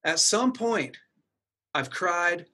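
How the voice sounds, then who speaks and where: A man's voice: sits high, very animated, extremely slow, pushed and bright. A middle-aged man earnestly telling a personal story in casual conversation, acting out his own inner dialogue. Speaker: guest sharing a personal story.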